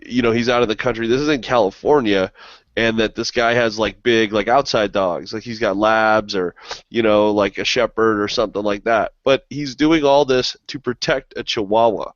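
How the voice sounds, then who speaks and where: A man hosting a podcast in a chatty, easygoing manner. His slightly low voice is dry and close to the mic. It reaches us over a dull, lo-fi online call that drops out. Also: steady tone, normal speed, no room sound. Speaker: podcast host. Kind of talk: casual podcast chat.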